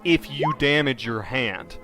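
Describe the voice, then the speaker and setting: A man's voice: mid-range voice, a little slow, pushed and bright, soft background music. A man narrating a tabletop horror game as game master, rambling and descriptive with many fillers.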